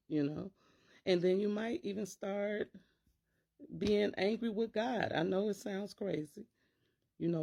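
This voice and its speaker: A woman's voice: mid-range voice, unhurried, vocal fry, pauses often, dark tone. A middle-aged woman, a teacher and parent, talking casually to camera and acting out worried inner voices in quotes.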